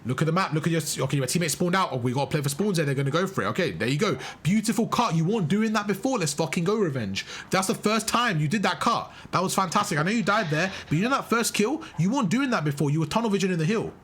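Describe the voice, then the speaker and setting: A young man coaching a player through a live match, talking at a rapid clip in a husky, slightly raised voice. He praises good plays emphatically and repeats his instructions until they land. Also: high voice, lively intonation, fairly bright tone. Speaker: game coach. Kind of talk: live gameplay coaching commentary.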